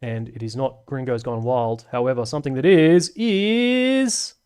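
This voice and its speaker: A man's voice: medium pitch, unhurried, darkish tone, clear, resonant tone. Rambling man chatting on stream. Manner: rambling, self-deprecating, full of fillers. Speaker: live stream host reading chat. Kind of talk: casual live stream chat.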